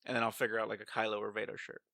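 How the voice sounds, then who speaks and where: A man's voice: on the low side, monotone, very fast, gravelly, pushed and bright, no room sound. A man co-hosting a podcast in casual chat, playful and teasing with his co-host. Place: home studio on video.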